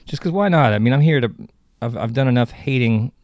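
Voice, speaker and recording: A man's voice: mid-range voice, animated, a little fast, darkish tone, dry recording. A man hosting a podcast, chatting casually and rambling with many restarts. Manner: rambling, self-correcting. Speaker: podcast host. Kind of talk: casual solo chat.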